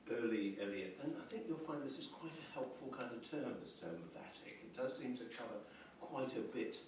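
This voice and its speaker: A man's voice: mid-range voice, lively intonation, brisk, a little hiss or hum. A man giving a university lecture on poetry, reflective and hesitant, with many ums and restarts. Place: lecture room. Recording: roomy echoey lecture hall, mic at a distance.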